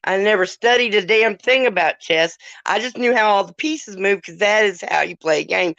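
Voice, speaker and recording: Sarcastic middle-aged lady, swears a lot, bright voice, kinda dull lo-fi sound. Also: medium pitch, moderate pace, gravelly, dry recording. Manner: sarcastic, swearing, laughs while telling stories. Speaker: podcast host. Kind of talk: casual chat.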